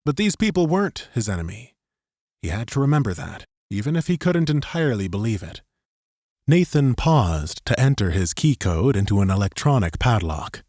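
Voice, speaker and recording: Male narrator, lowish voice, lively intonation, dry studio sound, scripted audiobook reading. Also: moderate pace, no echo.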